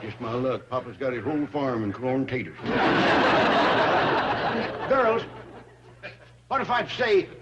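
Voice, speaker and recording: An actor playing a folksy, plain-spoken old hillbilly with a rural Southern drawl, heard on an old sitcom soundtrack. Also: male voice, medium pitch, sing-song, slow pace, long pauses. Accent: American Southern rural. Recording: dull old TV soundtrack with loud hiss.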